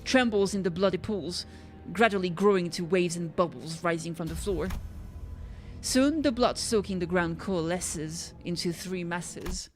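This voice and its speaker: A woman's voice: fairly low pitch, a little slow, soft background music. A woman streamer reading a game's story aloud, sometimes stumbling and correcting herself.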